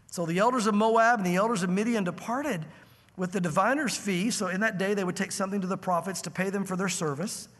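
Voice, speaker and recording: High-voiced emphatic male preacher. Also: big-room sound. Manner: animated, emphatic, conversational preaching with quick asides. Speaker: pastor. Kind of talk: expository sermon.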